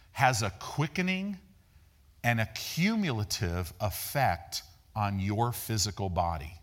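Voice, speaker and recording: Animated man preaching a sermon. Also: takes it slowly. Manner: animated, acts out dialogue with raised pitch; folksy, repeats words while building points. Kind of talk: sermon with storytelling.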